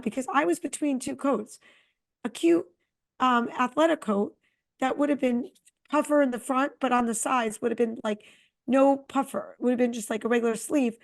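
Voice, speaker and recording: A middle-aged woman co-hosting a podcast, chatting casually and telling a long, animated travel story. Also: high-pitched, vocal fry. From Connecticut. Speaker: podcast co-host. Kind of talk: casual chat.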